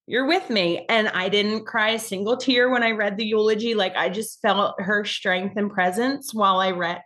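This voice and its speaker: Speaking at a medium pitch with a touch of brightness, a young adult woman recounts something personal in a loose, wandering way. She keeps restarting and using fillers, and her emotion sometimes catches in her throat.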